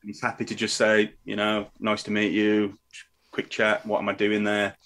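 A man's voice: fairly low pitch, monotone, normal speed, fairly bright tone. A young adult man, a wrestler chatting as a podcast guest and telling stories in a casual, friendly way. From England. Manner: chatty storyteller, says "mate".

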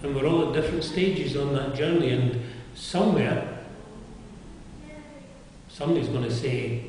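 A man's voice: medium pitch, unhurried, long pauses, darkish tone, a little hiss or hum. An older man preaching a sermon in a chapel, earnest and conversational, often asking his listeners questions. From England. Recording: echoey chapel heard from far off.

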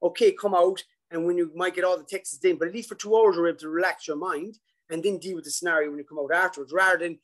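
A man presenting a coaching webinar over a video call, animated and acting out a worried coach's thoughts. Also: high voice, quick pace, rough recording. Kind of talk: casual webinar talk.

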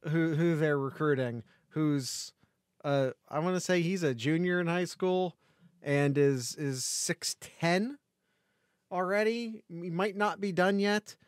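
Man, podcast co-host, casual rambling chat, joking, fairly high voice, dry close sound. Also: slow, dry recording. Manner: joking, rambling, with many restarts.

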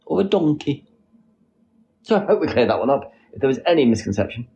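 A young man hosting a casual live stream, reading out comments with a playful, silly manner and sudden squeaky jokes. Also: sing-song, a little fast, dark tone, dull audio. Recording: faint background noise.

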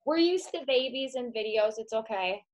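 The recording quality is low, but the speaker comes through clearly as a Midwestern American woman, slightly high-pitched, with lively intonation and a moderate pace. She's a direct sales consultant doing a casual home demo, chatting and calling the listener "girl."

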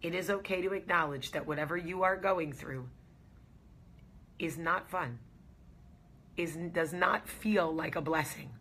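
A woman's voice: on the low side, a little slow, long pauses, fairly bright tone, slightly rough. A woman hosting a casual talk to camera, speaking in an earnest, reassuring way and repeating key phrases for emphasis. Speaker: host.

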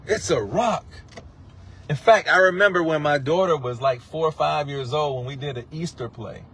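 A man's voice: a little high, moderate pace, a bit bright, slightly rough. A man preaching a sermon on a livestream, impassioned and emotional, breaking into song. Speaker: pastor. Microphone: livestream phone mic.

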